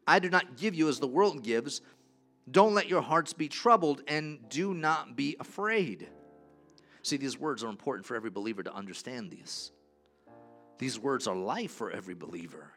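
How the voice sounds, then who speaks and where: A man preaching a sermon, emphatic and repetitive, moving between soft, low passages and loud, rising declarations. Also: animated, normal speed, faint music behind.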